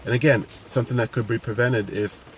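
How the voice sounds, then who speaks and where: A man's voice: mid-range voice, fairly even intonation, brisk, a little hiss or hum. A man, a paramedic and fitness coach, talking earnestly and unscripted to camera with frequent restarts. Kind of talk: casual talk to camera.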